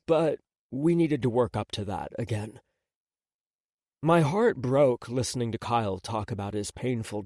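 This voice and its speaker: Male narrator for a first-person romance audiobook, animated pitch, dry close recording. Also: no room sound.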